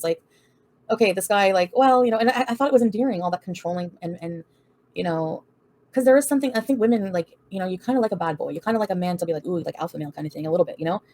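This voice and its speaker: A woman's voice: fairly low pitch, mellow. Blunt, profane woman livestreamer. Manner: blunt, profane, defiant, laughs often. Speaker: livestream host answering chat. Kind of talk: casual livestream chat.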